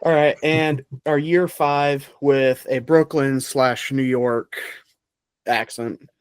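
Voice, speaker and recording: A man's voice: medium pitch, steady tone, slow pace, clear, resonant tone, no room sound. A man hosting a casual podcast game show, playful and laughing often between rules.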